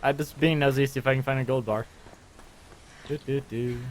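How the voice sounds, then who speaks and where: A man's voice: medium pitch, a little fast, background noise. A man playing a co-op shooter with friends, chatting casually, humming and laughing. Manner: playful, hums and laughs, excitable squeals. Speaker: gamer playing co-op. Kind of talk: casual gameplay chat.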